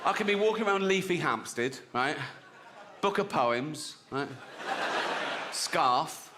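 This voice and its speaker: A man's voice: on the high side, lively intonation, slow. A middle-aged man doing a stand-up comedy routine. He talks conversationally, tags his lines with questions and laughs at his own jokes. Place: live comedy stage. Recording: loud audience noise at live show.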